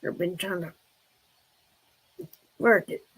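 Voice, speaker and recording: Woman, live-stream chat, rambling, answers viewers' comments, slow pace. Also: fairly low pitch, fairly even intonation, fairly bright tone, breathy edge. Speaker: livestreamer chatting with viewers.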